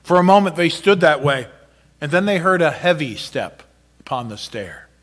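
A man with a fairly high voice reads a sentimental story aloud. His delivery is measured and dramatic, with storybook pacing. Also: very animated, fairly bright tone. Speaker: narrator. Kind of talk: expressive storybook reading.

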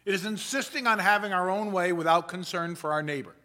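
A man preaching a sermon in a measured, earnest way, slowing down to stress key points. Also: high-pitched, sharp tone. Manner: measured, earnest delivery that slows for emphasis.

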